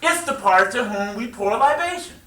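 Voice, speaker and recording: A man's voice: high voice, lively intonation, moderate pace, fairly bright tone, far from the mic. A man preaching and teaching a small congregation, drawing call-and-response and joking along the way. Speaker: minister. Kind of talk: teaching sermon. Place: worship hall with congregation. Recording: echoey room, taped from afar.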